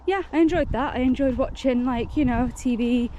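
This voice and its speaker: An excitable, chatty woman, talking casually to camera while hiking outdoors, laughing often. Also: sits high, normal speed, lo-fi sound, noisy background. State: out of breath. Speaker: solo hiker vlogger.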